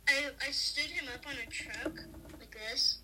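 A woman's voice: sits high, a little slow, pushed and bright. A young woman chatting casually and giggling with a friend. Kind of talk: casual chat.

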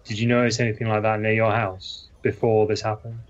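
A man in a tabletop game asks tentative, polite questions. His voice is low and flat, heard through a dull lo-fi recording. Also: brisk. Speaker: player. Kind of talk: role-playing an investigator.

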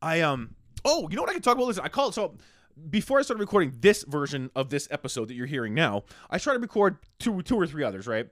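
A man, hosting a casual solo podcast and ranting profanely, swinging between loud outbursts and hushed asides. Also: fairly high pitch, big pitch swings, fast talker, no room sound, studio quality. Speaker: podcast host.

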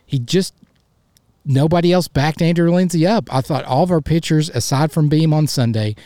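A man's voice: fairly high pitch, moderate pace, dark tone, no echo, studio quality. A man hosting a solo sports podcast, talking in a frustrated, fired-up way with stammering restarts.

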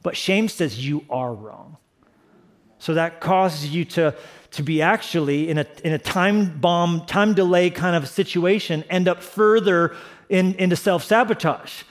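A male pastor delivering a sermon in a slightly higher voice than most men. He preaches with passion, swinging from quiet, earnest moments to emphatic, rising exclamations. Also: unhurried. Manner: impassioned, rising to emphatic peaks.

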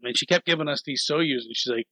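A man co-hosting a podcast, telling travel stories in a casual, animated way, with frequent laughs and swearing. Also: fairly high pitch, fast talker, no echo, low-quality recording. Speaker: podcast co-host. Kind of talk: casual chat.

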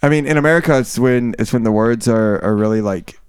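Smooth-voiced man chatting on a podcast. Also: mid-range voice, fairly quick, dry recording, studio quality. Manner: rambling, with frequent restarts and self-corrections. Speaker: podcast co-host. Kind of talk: casual book-discussion chat.

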